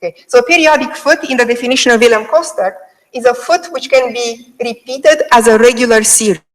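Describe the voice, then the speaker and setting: A woman whose voice sits on the high side lectures fairly quickly on Greek meter for a remote audience. She explains step by step, dropping in frequent "okay"s to check understanding. The low-quality recording has a long reverb tail.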